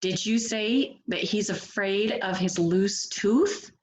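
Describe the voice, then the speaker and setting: Speaking slowly in a mid-range voice, a female teacher reads a picture book to a first-grade class and asks them questions to encourage them, all with expressive delivery. The recording is rough.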